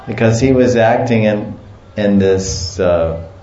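A man giving a devotional talk in an unhurried storytelling manner, listing things and chuckling as he goes. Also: lowish voice, dark tone. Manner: slow, storytelling, lists and chuckles. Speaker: devotional teacher. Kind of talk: devotional lecture and property tour. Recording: echoey muffled room with faint ambience.

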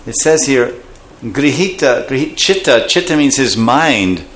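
A man's voice: mid-range voice, a little slow, a little hiss or hum. A man giving a scripture class, explaining terms and acting out voices. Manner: animated, acts out voices while explaining terms. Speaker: scripture teacher.

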